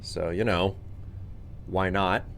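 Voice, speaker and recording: A man's voice: deep voice, steady tone, slow pace, fairly bright tone, a little hiss or hum. Chatty joking male game streamer. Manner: joking, chatty, talks to chat. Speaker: streamer playing a video game. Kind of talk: casual live-stream commentary.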